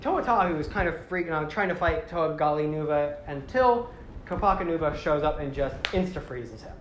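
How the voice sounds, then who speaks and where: A man's voice: a little high, expressive, normal speed. A man casually recapping a story, rambling with lots of fillers and correcting himself as he goes. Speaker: show host. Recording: roomy with faint background noise.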